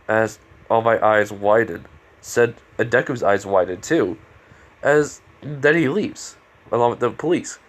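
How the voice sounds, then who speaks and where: A man's voice: medium pitch, a little slow. Young male storyteller, late teens, stuffy nose, casual and rambling. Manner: rambling, many fillers. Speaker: fan-fiction storyteller. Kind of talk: casual fan-fiction narration.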